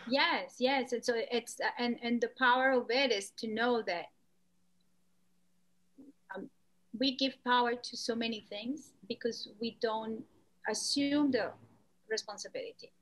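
A woman artist talking as a podcast guest, lively, acting out quoted voices. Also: measured pace, pauses often. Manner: animated, acts out quoted voices with pitch jumps. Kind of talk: conversational podcast interview.

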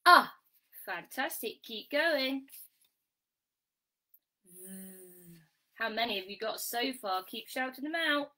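A woman teaching a children's phonics lesson, praising warmly and sounding out letters slowly and clearly. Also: high-pitched, expressive. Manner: bright, encouraging, sing-song praise.

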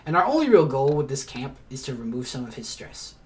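A man's voice: mid-range voice, very animated, a little fast, a little mellow. Chatty man swearing over gameplay. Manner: chatty, explains as he plays, swears and mutters asides. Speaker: let's player. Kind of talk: casual gameplay commentary.

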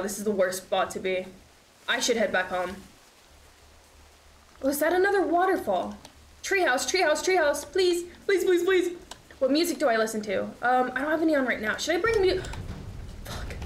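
A woman's voice: fairly high pitch, fairly bright tone. A young woman streaming a horror game, chatting and swearing as she plays, with nervous laughs. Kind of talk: live game commentary. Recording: echoey room, faint noise.

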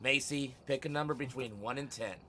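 A man live-streaming a game from home, chatting casually with viewers, teasing and swearing, often bursting out loudly. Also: mid-range voice, fairly quick, background noise. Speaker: livestreamer.

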